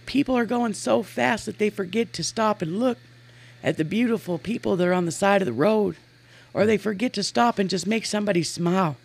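A woman's voice: medium pitch, a little fast, creaky, darkish tone. A woman in her forties from Montana, a guest telling stories earnestly and with animation, often laughing as she talks. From Montana, USA. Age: 40s. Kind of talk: casual storytelling in an interview.

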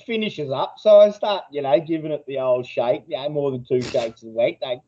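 A man's voice: mid-range voice, normal speed, dark tone, highs cut off. A man co-hosting a podcast, telling rambling crude anecdotes in casual banter. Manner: rambling anecdotes, frequent swearing, laughs at own stories. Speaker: podcast co-host.

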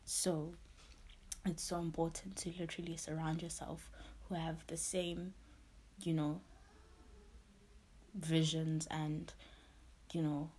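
A woman speaks slowly and softly in a husky, breathy voice that sits a little low for a woman. She is close to tears as she opens up in a personal podcast monologue. Her talk is full of "you know" and "literally". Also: level tone. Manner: tearful, heartfelt, many fillers like "you know" and "literally". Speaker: podcast host.

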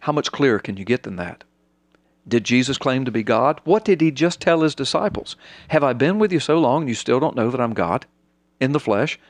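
Animated preacher man. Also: brisk, dry recording. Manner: animated, acts out quotes with big pitch jumps. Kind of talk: conversational sermon-style explanation.

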